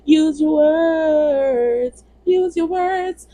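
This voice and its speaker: A woman's voice: fairly low pitch, animated, fairly quick, husky. A woman doing a patient preschool teacher. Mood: coaxing. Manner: gentle, coaxing, repeating herself.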